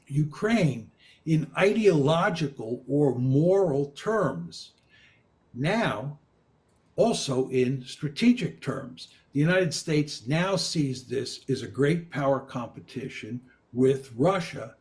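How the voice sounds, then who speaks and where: An older man answering interview questions in a measured, emphatic, lecturing way. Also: mid-range voice, a little mellow. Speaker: interviewee, political scientist.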